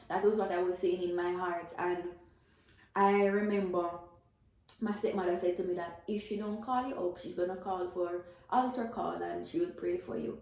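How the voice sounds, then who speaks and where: A woman's voice: on the low side, fairly even intonation, a little fast, a little mellow. A woman with a Jamaican accent giving an earnest, emotional faith testimony, repeating herself as she tells it. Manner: earnest, emotional storytelling with repetitions. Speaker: testifying believer. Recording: very echoey room.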